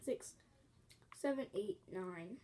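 A woman with a medium-pitched, mellow, expressive voice speaks slowly as she teaches a building game step by step from home. She counts the blocks aloud while fighting off bouts of coughing, apologizing often.

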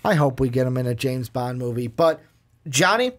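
A man's voice: medium pitch, lively intonation, normal speed. A man co-hosting a casual movie review chat, rambling with lots of "like" and acting out the lines he quotes. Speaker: movie review podcast co-host.

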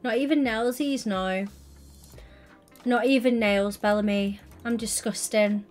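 A young woman chatting casually on a live stream. She talks in a gushing, excitable way and breaks into sudden high squeals. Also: unhurried, soft background music. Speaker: livestreamer.

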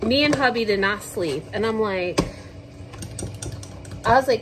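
A woman's voice: fairly high pitch, a little slow, long pauses, noisy background. A woman vlogger chatting casually to camera at home, telling stories in a slangy, joking way. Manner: chatty, slangy, jokey storytelling.

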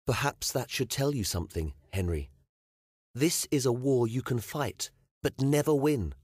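A man's voice: mid-range voice, expressive, measured pace, darkish tone, breathy edge, no room sound, clean studio sound, pitched above the performer's own voice. A male audiobook narrator voicing a proud, blunt young medieval queen who speaks firmly and plainly. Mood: defiant. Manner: firm, commanding, matter-of-fact. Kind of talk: audiobook character voice.

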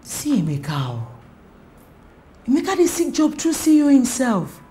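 A woman's voice: sits high, sing-song, moderate pace, mellow. An actress with a Nigerian accent playing a woman who grumbles about a young man ignoring her. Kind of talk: film drama acting.

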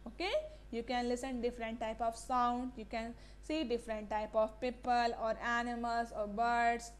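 A woman's voice: a little high, level tone. A woman teacher with an Indian English accent, reading a story to young children and often asking the class questions. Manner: asks the class rhetorical questions and repeats words slowly.

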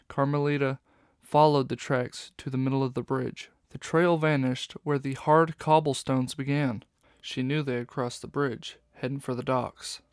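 A man reading an audiobook in steady, even scripted narration. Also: mid-range voice, unhurried, no room sound, clean studio sound.

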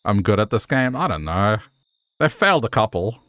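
A man's voice: on the low side, very animated, normal speed, a bit bright, faint music behind. A man streaming a video game, giving wry, offhand commentary. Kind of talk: gameplay commentary.

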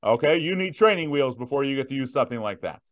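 A man in his thirties hosting a viewer Q&A, emphatic and direct, slowing down to stress his points. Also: medium pitch, lively intonation. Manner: emphatic, punchy repetitions, slows down to stress points. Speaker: host answering viewer questions. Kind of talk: direct-to-camera Q&A.

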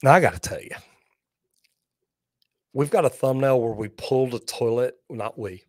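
A man hosts a live plumbing question-and-answer show, spinning lively folksy stories and cracking jokes between viewer comments. His voice sits in a mid range and is recorded close and dry, with no room sound around it. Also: medium pitch, normal speed, no room sound. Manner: lively storyteller, folksy and joking.

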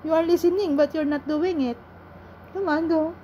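A woman's voice: sits high, steady tone, moderate pace, dark tone, highs cut off, a little hiss or hum. A woman, a vlogger coaxing her young pet in sing-song baby talk, pleading and cheering it on.

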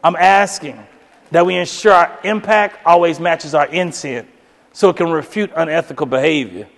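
A man tells a story to a crowd as a keynote speaker, his voice sitting high. He is animated and jumps into others' voices, going up into falsetto for the women. The sound rings with a long echo in a large hall. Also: moderate pace, gravelly. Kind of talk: storytelling speech.

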